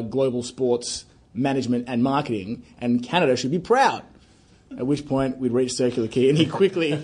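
A man with an Australian accent, a podcast co-host telling a story with mock outrage, full of halting restarts and talking about himself in the third person. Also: medium pitch, a little mellow. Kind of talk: casual chat, storytelling.

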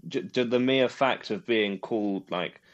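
Rambling low-voiced Englishman. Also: muffled recording. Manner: rambling, halting, many restarts. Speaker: podcast co-host. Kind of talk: casual chat reviewing a quiz show.

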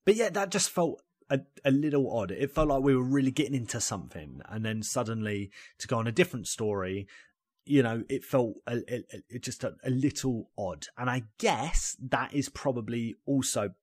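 A man, chatting casually as a podcast co-host, animated and loose, often saying "mate". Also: medium pitch, normal speed, husky. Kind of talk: casual chat.

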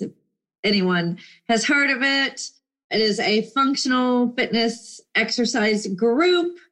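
A middle-aged woman chatting casually to her viewers, bubbly and animated, slipping into playful voices for quoted people. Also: mid-range voice. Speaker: vlogger.

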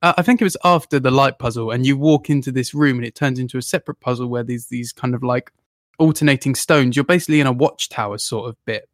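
A podcast co-host in casual gaming chat, animated, swearing freely and laughing often, on their own microphone over a call. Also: mid-range voice, fast, no echo, clean studio sound. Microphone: own microphone on a remote call.

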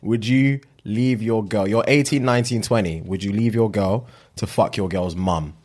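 A man's voice: on the low side, moderate pace, a little mellow. A man, co-hosting a podcast, chatty and eager with his questions. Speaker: podcast co-host. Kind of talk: casual chat.

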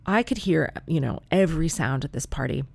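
A woman's voice: sits low, expressive, brisk, gravelly, a little mellow, dry recording. A woman telling a comic story in a chatty, wry, profane way.

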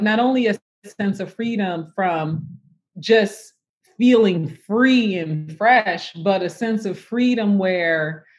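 A woman guest talking about a personal experience, reflective and emotional, with many fillers and restarts. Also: mid-range voice. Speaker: interview guest. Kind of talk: personal conversation.

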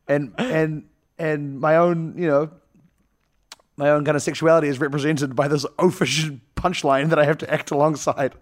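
Male co-host, casual chat, animated and laughing, slightly high voice. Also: moderate pace. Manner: laughing, animated, acts out quotes. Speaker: podcast co-host.

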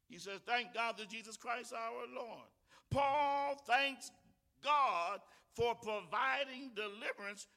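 A male pastor preaching a sermon with call-and-response, building from easy talk to shouted exhortation and mimicking whiny voices along the way. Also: extremely high pitch. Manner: mimics tired whining voices in asides. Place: church sanctuary. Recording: long hall reverb.

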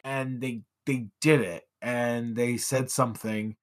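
A man co-hosting a podcast, chatting casually about an old film, often restarting sentences with sudden lifts in emphasis. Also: slow pace. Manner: animated, restarts a lot, pitch jumps for emphasis. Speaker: podcast co-host.

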